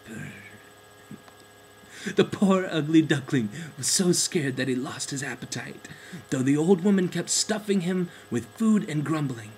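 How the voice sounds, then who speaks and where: Guy reading a bedtime story, lively up and down voice, bit high. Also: moderate pace, slight background noise, rough recording. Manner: expressive, gentle. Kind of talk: storybook narration.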